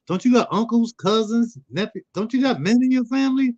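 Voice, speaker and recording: High-voiced middle-aged man telling stories. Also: a little fast, a little mellow, lo-fi sound. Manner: storytelling, acts out quoted dialogue. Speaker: guest, youth mentor. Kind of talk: casual conversational interview.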